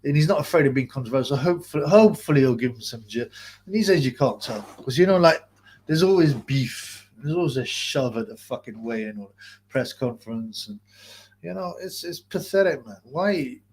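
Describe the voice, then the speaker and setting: A man's voice: medium pitch, lively intonation, moderate pace, a little mellow, slight background noise. A man hosting a boxing channel, rambling and swearing through a casual live-stream rant. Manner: rambling, profane, restarts sentences often.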